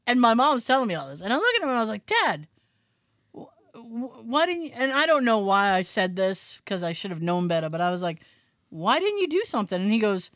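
A woman's voice: fairly high pitch, very animated, brisk, fairly bright tone, no room sound, studio quality. A woman co-hosting a podcast, telling a family story in casual chat, swearing now and then and laughing as she goes. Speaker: podcast co-host.

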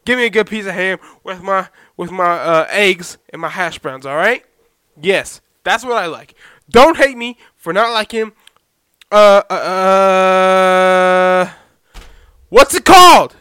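A young man hosting a solo podcast, talking loudly to listeners on a badly set microphone and checking in with "okay?" and "all right?" again and again. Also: sits high, lively intonation, normal speed, dry recording, clean studio sound. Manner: loud, talks to listeners with repeated "okay?". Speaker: podcast host. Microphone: poorly set podcast microphone.

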